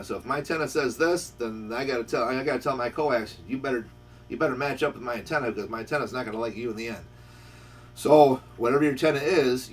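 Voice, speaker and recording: A man's voice: medium pitch, a bit bright, a little hiss or hum. A man hosting a casual radio-shop chat, rambling through a story and acting out both sides of the dialogue. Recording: voice picked up from a distance.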